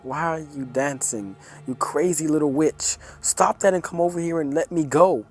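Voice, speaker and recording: A man voicing a captive adult man who shouts angry threats and pleads. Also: a little high, normal speed, husky, soft background music.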